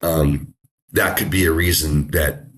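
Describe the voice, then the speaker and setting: A man speaking as a researcher guest in an interview, explaining ideas slowly with many ums and restarts. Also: very deep voice, fairly even intonation. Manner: explanatory, hesitant with fillers. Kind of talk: conversational interview.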